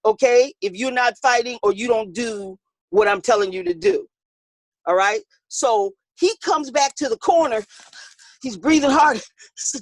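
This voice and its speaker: A woman boxing coach telling a story in an interview, animated, acting out the voices of the people in it and laughing often. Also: fairly high pitch, normal speed, no room sound.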